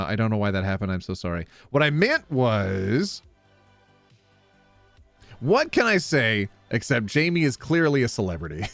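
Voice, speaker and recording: Brief: male streamer, casual chat, jokey and giggly, very lively pitch swings, dry close sound. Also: no echo. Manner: giggly, joking and animated, with playful put-on voices.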